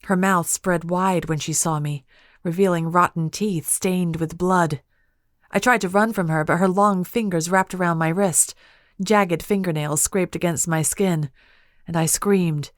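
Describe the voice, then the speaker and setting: Low-voiced woman narrating an audiobook. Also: no echo, studio quality. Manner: measured, expressive storytelling.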